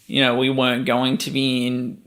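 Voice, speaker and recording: A man's voice: mid-range voice, completely flat delivery, a bit bright. A man speaking reflectively in a documentary interview. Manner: reflective, unhurried.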